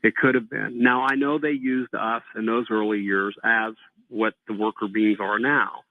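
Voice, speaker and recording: Speaking to a host in a phone-in conversation, this guest recounts his abduction story at length, performing the remembered dialogue. His voice sits on the low side with fairly even intonation at a moderate pace, dry of room sound, over a tinny line.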